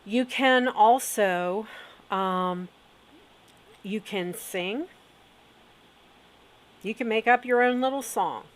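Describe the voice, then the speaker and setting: A middle-aged woman talks through a witchcraft lesson at a slow, unhurried pace. She checks in with her viewers often. Her voice sits at an ordinary middle pitch. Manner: unhurried, frequent "okay?" check-ins. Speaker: witchcraft teacher. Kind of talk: instructional video talk.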